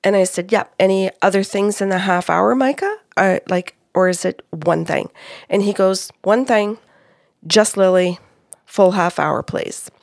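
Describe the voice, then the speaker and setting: Middle-aged woman host, gravelly, close dry mic, animated storyteller. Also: mid-range voice, measured pace, no room sound. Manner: animated, quotes spirits and clients, laughs often. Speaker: psychic medium, co-host. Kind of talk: storytelling about a reading.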